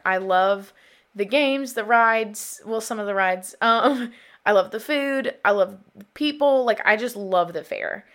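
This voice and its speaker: A woman's voice: fairly high pitch, a bit bright. A young woman, hosting a podcast in a casual, rambling, confessional way with many fillers. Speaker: podcast host.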